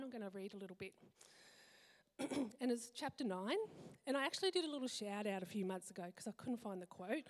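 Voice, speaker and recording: Reflective woman in an echoing hall. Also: mid-range voice. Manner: heartfelt, reflective, lists things slowly. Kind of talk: personal reflective talk. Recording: long hall reverb.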